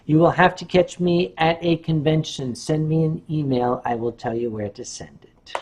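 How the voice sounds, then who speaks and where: A man's voice: a little high, normal speed. A man hosting a casual live-stream chat, reading viewer questions and telling stories, with German words dropped in here and there. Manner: animated raconteur who drops in German words.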